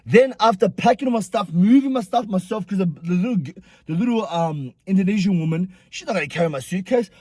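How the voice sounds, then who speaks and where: A young man vlogger telling a story in an animated, profane, slangy way. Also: high voice, a little fast, breathy edge, no echo. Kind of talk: storytime vlog.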